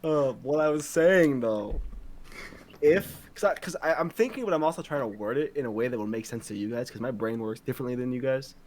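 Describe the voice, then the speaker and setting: A man co-hosting a casual podcast, thinking out loud in a rambling way, swearing freely and speeding up when he gets excited. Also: medium pitch, a little fast, a little hiss or hum. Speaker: podcast co-host. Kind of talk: casual chat among friends.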